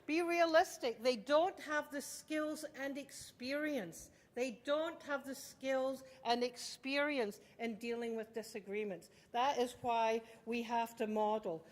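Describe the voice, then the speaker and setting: A woman's voice: fairly high pitch, a little slow, hardly any pauses. A middle-aged woman gives an intense, emphatic talk to parents in a lecture hall. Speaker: child development speaker. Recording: long hall reverb.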